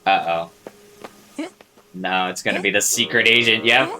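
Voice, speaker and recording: A man giving casual reaction commentary to a show, excitable and swearing freely as he talks back at the screen. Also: low-pitched, moderate pace, pauses often. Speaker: reaction video host. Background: show audio and music playing.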